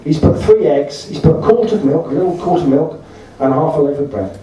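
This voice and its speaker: A man's voice: on the high side, lively intonation, brisk, mellow, muffled recording. A man tells funny stories at a party, chatting through them and laughing at his own punchlines. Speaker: party speaker telling anecdotes. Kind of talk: storytelling speech. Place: party hall. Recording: echoey room recorded from far off.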